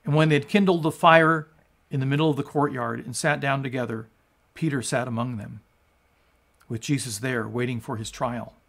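A male pastor giving a sermon and reading scripture, emphatic and rising to loud peaks on quoted lines. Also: medium pitch, steady tone, moderate pace, gravelly. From United States.

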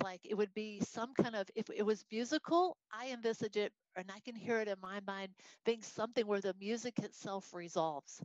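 A woman's voice: mid-range voice, no room sound, dull audio. A woman with a Texas accent teaching a Bible study lesson, walking through a worksheet and acting out voices when she quotes. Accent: Texan. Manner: expressive, acts out voices in quotes.

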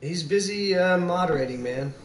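A man's voice: sits high, moderate pace, recorded from a distance, a little hiss or hum. A man streaming a team shooter game, chatting casually with friends and teasing them in a playful, laid-back way. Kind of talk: casual gaming chat. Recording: echoey room with game music behind.

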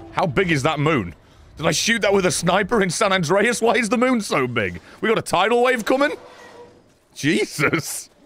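A man giving excitable, sarcastic commentary over his own gameplay, often swearing. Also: high-pitched, measured pace. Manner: excitable, sarcastic, swearing, frequent yelps and laughs. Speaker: gaming channel host.

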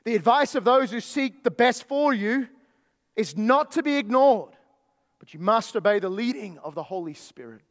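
A pastor preaching a sermon, emphatic at times and then dropping into low, quiet asides. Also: male voice, expressive, normal speed. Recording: long hall reverb.

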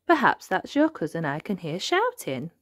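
A woman's voice: lowish voice, wildly swooping pitch, moderate pace, no room sound. A woman voicing a surprised, dry-humoured male tiger in a read-aloud storybook, speaking wryly.

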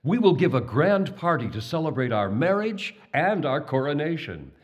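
A man's voice: on the high side, big pitch swings, moderate pace, highs cut off, voice pushed up. A man voicing a young male elephant king who speaks in an earnest, courteous manner in a storybook tale. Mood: gracious.

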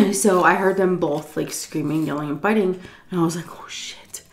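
A woman's voice: fairly low pitch, normal speed. A woman vlogger telling a story while eating, tipsy from shots, rambling, swearing freely and laughing often. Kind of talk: casual storytime chat.

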